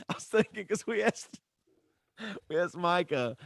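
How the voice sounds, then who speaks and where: A man with a fairly high, very lively voice, spinning animated stories in a casual podcast chat. He laughs often and swears easily. The recording is dry and close. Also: takes it slowly, creaky, no echo. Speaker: podcast co-host or guest.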